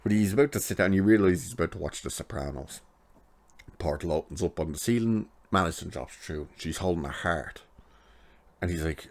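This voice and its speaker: A man's voice: sits low, fairly quick. A man giving a chatty, sarcastic recap of a TV episode, laughing at his own jokes. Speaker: TV episode reviewer.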